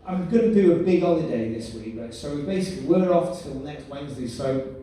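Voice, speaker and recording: A man's voice: fairly high pitch, expressive, brisk, mellow, slight background noise. A man compering a live stand-up show, chatty and quizzing the crowd. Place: comedy venue. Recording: echoey room, voice far from mic.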